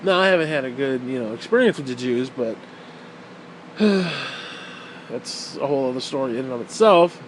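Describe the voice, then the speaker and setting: A man's voice: mid-range voice, expressive, normal speed, long pauses, background noise. A man talking in a casual, rambling rant, profane and sarcastic.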